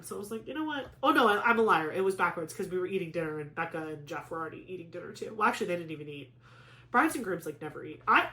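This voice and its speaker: A young woman chatting casually, telling a personal story with lots of "like" fillers and animated retelling. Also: on the low side, reverberant. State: pregnant. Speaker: craft vlogger.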